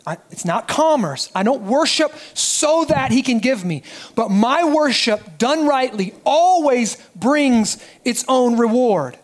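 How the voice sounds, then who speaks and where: Male pastor, very high voice, lively sermon delivery that drops to hushed emphasis. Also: slow pace. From United States. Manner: animated preaching, dropping soft for emphasis.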